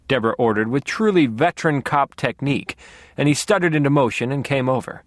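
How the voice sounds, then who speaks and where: A man's voice: mid-range voice, animated, brisk, no room sound. A man narrating a first-person audiobook in a dry, wry manner.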